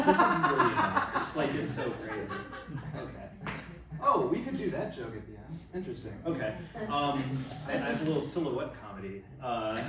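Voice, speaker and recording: A man doing a stand-up comedy set, rambling and self-deprecating, often trailing off mid-thought. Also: medium pitch. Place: comedy club with live audience. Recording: echoey room, mic from a distance, loud crowd laughter.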